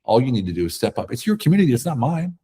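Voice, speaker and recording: A man guest in a conversational interview, talking emphatically and telling animated stories. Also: mid-range voice, very fast, breathy edge. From America. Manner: emphatic, animated storytelling with acted quotes.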